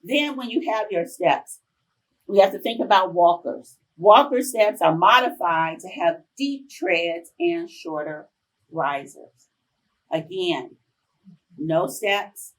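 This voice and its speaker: A woman in her fifties, a professor giving a conference talk, telling chatty, animated personal stories to the audience. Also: fairly low pitch, takes it slowly, far from the mic, rough recording. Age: 50s. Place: conference room.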